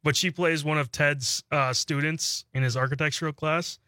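A man's voice: fairly high pitch, fairly even intonation, normal speed, sharp tone, no room sound, clean studio sound. Easygoing male radio co-host. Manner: easygoing, chuckling. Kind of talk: casual talk radio banter. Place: radio studio.

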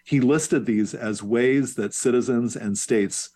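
A man's voice: medium pitch, slow, a little mellow. A male professor answering interview questions in a fluent, lecture-like way. His voice sits in a middle range for a man, and he uses the odd "um" or "uh" as he lays out his explanations. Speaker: professor and guest.

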